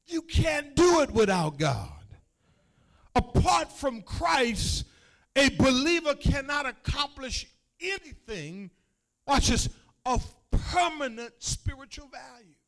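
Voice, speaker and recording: High-voiced preaching man, slow and emphatic. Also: sing-song. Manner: call-and-response preaching, rising to shouts. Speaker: pastor. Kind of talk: sermon.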